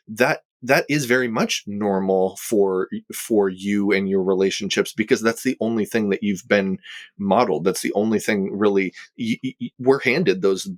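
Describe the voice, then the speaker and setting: A man who is a therapist, talking on a podcast in a halting way with many fillers and restarts. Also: on the low side, no room sound. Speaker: therapist co-host. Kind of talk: conversational podcast talk.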